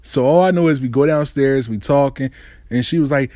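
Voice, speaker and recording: A man's voice: brisk, no room sound, studio quality. A man hosting his own show, telling a personal story in a profane, slangy monologue. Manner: animated, swings between high and low registers; swears freely, slangy.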